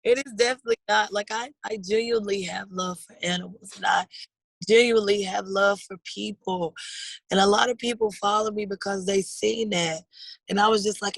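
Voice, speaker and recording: A woman's voice: medium pitch, gravelly, breathy edge, no echo, low-quality recording. A woman in her thirties speaking in a heartfelt, earnest way in a personal interview, often calling people "baby". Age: 30s.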